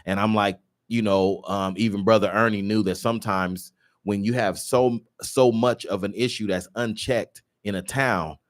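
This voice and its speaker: A man's voice: fairly low pitch, fairly even intonation, moderate pace, no echo, studio quality. A man co-hosting a radio show, talking passionately and casually about his city's community issues. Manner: passionate, fired-up community advocacy.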